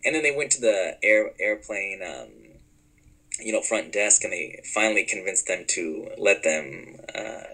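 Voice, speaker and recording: A man telling a long story as an interview guest, lively and acting out the dialogue. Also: lowish voice, unhurried, poor audio. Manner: animated, acts out dialogue in the story. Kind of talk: conversational storytelling.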